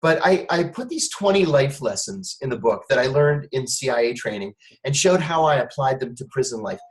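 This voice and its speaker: A man's voice: medium pitch, moderate pace, rough recording. A man being interviewed, telling a long personal story and acting out the voices of the people in it. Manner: animated storyteller, acts out quoted voices. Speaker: guest, former intelligence officer.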